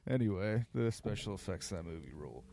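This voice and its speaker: A man's voice: sits low, sing-song, fast talker, gravelly, noisy background. A man co-hosting a podcast in casual chat, joking and rambling, laughing often. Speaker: podcast co-host.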